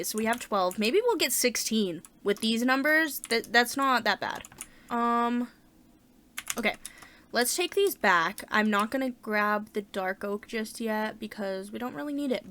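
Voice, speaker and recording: एक महिला अपना गेम खेलते हुए बातचीत के अंदाज़ में कमेंट्री करती है, ज़ोर से सोचती है और बीच-बीच में उत्साह से उछल पड़ती है।. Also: female voice, medium pitch. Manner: chatty, thinks aloud, bursts of excitement. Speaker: gaming channel host. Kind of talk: casual let's-play commentary.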